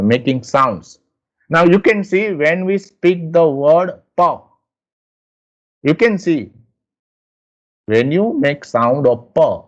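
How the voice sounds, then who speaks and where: A male teacher gives a lecture, speaking in a slightly raised pitch and at a very unhurried pace. He drills example words one by one and repeats them. The recording sounds muffled and lo-fi. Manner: explains slowly with many repeated example words. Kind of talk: lecture on English pronunciation.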